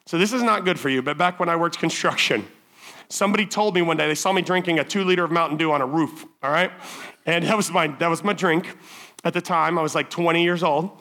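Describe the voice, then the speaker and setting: A man preaching to teenagers at summer camp, with a high and bright voice. He talks casually and keeps dropping "like" as fillers. He acts out little scenes as he goes. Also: fast talker. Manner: animated, chatty, full of "like" fillers, acts out scenes. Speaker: camp evening speaker. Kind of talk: storytelling youth sermon.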